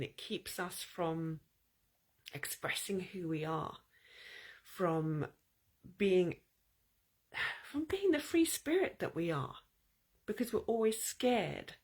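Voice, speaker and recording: Calm breathy woman storyteller. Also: mid-range voice. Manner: calm, storytelling, measured pauses. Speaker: podcast host. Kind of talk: reflective solo monologue.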